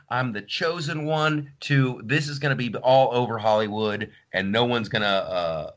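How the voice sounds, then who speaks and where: A man's voice: on the low side, sharp tone. A man telling a story in casual podcast chat, acting out other people's lines. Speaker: podcast host.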